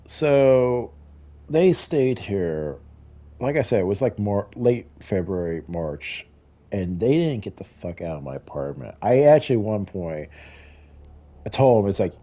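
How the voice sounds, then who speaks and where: A man's voice: on the low side, mellow. A middle-aged man telling a heated, profane story in a casual rant while gaming. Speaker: gamer.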